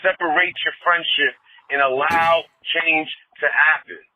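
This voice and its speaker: A man in his forties, a caller on a sports talk show, ranting angrily about his team with swearing and loud outbursts. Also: a little high, fairly even intonation, measured pace. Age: 40s. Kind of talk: angry sports fan rant. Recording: tinny phone line.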